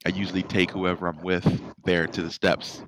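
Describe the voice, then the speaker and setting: A man from Philadelphia hosting a casual podcast interview, teasing his guest with quick asides. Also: deep voice, level tone, noisy background. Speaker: podcast host.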